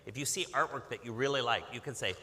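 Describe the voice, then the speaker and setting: A man from Massachusetts reads a picture book to a young audience in a bright, forward voice. He coaxes the children to join in and keeps the pace lively. A long reverb hangs in the hall around him. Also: mid-range voice, fast talker. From Massachusetts, USA. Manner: lively, coaxing, invites call-and-response. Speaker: author reading to children. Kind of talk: interactive picture-book reading.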